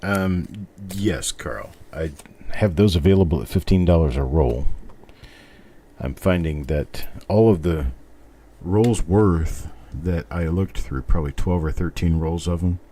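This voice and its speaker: Hosting a live stream, a middle-aged man chats casually and thinks aloud as he goes. He speaks unhurriedly in a low, mellow voice, with faint background noise in the recording.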